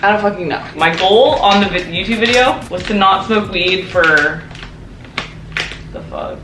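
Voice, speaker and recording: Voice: mid-range voice, a little slow, noisy background. A young adult vlogger talking casually to camera, nervous and rambling, with lots of swearing. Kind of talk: casual vlog monologue. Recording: roomy echo, faint music.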